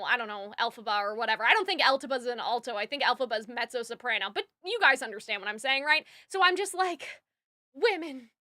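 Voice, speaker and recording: A woman reacting live to a musical, talking in an excitable, rambling way and full of fillers. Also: sits high, no echo, studio quality. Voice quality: alto singer. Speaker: reaction streamer.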